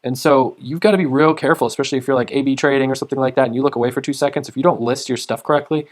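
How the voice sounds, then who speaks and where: Male tutorial host, mid-range voice, loose and rambling, trails off into low mutters. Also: steady tone, racing. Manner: rambling, filler-heavy, repeats words. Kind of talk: casual screen-share tutorial.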